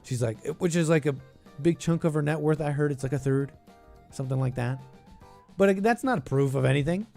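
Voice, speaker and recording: A man's voice: fairly high pitch, a little fast, vocal fry, darkish tone, soft background music. An American man hosting a political commentary show, ranting in a sarcastic, mocking, scornful way.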